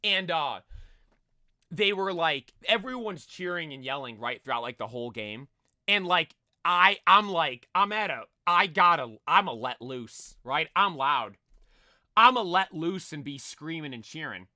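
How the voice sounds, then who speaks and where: Bursting with energy, a young man tells an excited story, rambling through lots of fillers and restarts; his voice is a little strained and nearly gone from screaming. It's fairly high-pitched, bright and forceful, with lively intonation and an unhurried pace, in a dry, studio-quality recording.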